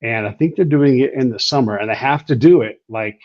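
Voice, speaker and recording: A man hosting a podcast chats casually and tells stories, jumping up in pitch when he acts out what others said. His sound is a little dull and lo-fi, with the top end missing. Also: fairly quick, no room sound. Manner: animated storyteller, acting out quotes with a rising voice. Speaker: podcast host.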